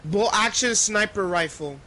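Slow, high-voiced young guy gaming. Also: crowd noise. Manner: crude teasing banter. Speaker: streamer. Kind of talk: casual gaming chat.

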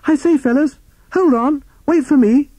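A man's voice: extremely high pitch, measured pace, dark tone, dry recording, pitched above the performer's own voice. A man voicing a timid little male toad in a storybook reading, in a plaintive, whiny way. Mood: pleading. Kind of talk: storybook character voice.

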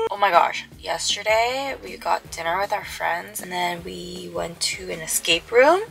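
A young adult woman chats straight to her viewers in a casual vlog, her voice bright and forward with a gravelly fry at the ends of phrases. She tells a story in an animated way, sometimes sinking to a hushed whisper for suspense. Faint music sits under her voice. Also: on the low side, unhurried, few pauses, low-quality recording. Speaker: vlogger.

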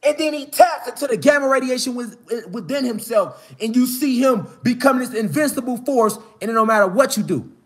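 A man preaches outdoors in the mountains. His talk is casual, profane and slangy, and it keeps climbing into fired-up shouts. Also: very high voice, lively intonation, fairly quick, slightly rough. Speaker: spiritual commentator.

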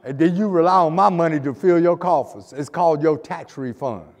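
A man's voice: on the high side, a little fast, in a large hall. A male pastor preaching a fervent sermon, repeating phrases and hurling rhetorical questions at the congregation. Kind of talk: fiery sermon. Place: church sanctuary.

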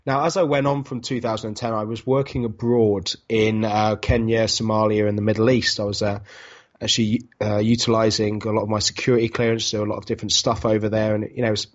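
A man from Britain, a guest on a podcast, telling his story at a measured pace with many "you know"s. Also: fairly low pitch, little pitch movement, lo-fi sound. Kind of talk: interview answers.

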